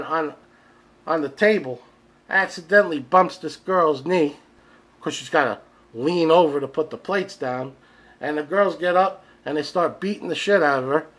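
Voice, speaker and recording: A man rants through strange news stories on a comedy podcast, his bright, slightly high voice full of disbelief. He swears freely and sometimes shouts as he acts out the people involved. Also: a little slow, low-quality recording. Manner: incredulous, ranting, profane. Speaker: podcast host. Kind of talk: comedic rant.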